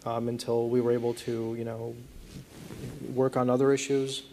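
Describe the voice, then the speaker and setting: A man in his thirties, a guest in an on-stage conference interview, telling a personal story earnestly and haltingly, with many restarts. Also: medium pitch, little pitch movement, a crowd in the background.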